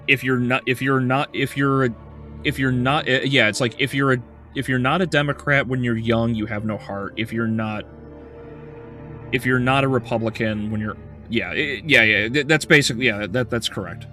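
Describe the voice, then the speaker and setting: Bright-voiced man ranting on stream. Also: medium pitch. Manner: heated, profane ranting with frequent restarts. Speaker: game streamer. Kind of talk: casual livestream chat.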